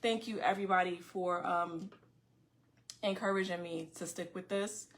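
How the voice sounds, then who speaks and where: A middle-aged woman talks straight to her viewers on a casual livestream podcast. Her words come fast and loud, and she often restarts her sentences. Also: fairly low pitch, fairly even intonation. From Far Rockaway, Queens, New York. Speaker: podcast host.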